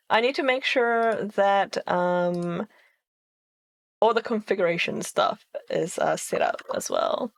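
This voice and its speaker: A woman's voice: mid-range voice, wildly swooping pitch, slow, gravelly. A woman streamer chatting casually with her viewers, playful and giggling often between phrases. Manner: playful, chatty, reads chat aloud.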